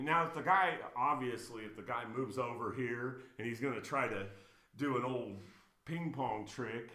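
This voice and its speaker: A man's voice: mid-range voice, a bit bright. A man giving blunt, emphatic coaching commentary on table tennis videos, getting worked up as he corrects a player. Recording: roomy echo.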